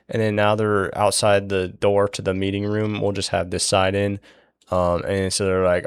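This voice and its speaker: A young man with a low, gravelly voice retells a book's plot in a loose, rambling way. He swears freely and leans on filler words. The recording is dry and close. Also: level tone, normal speed, dry recording. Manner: rambling, profane, many fillers. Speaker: book recap host. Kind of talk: casual book recap.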